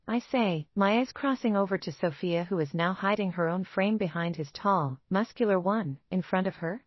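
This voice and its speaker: A woman reading a first-person romance novel aloud in a measured, even way. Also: mid-range voice, dry recording, lo-fi sound. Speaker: audiobook narrator.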